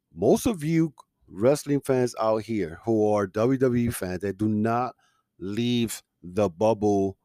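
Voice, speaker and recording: A man with a fairly low voice gives a heated, opinionated rant as a podcast host, full of ums, uhs and restarts. The sound is dry and close, with no room echo. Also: warm tone. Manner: heated, opinionated ranting with frequent fillers. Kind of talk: casual podcast commentary.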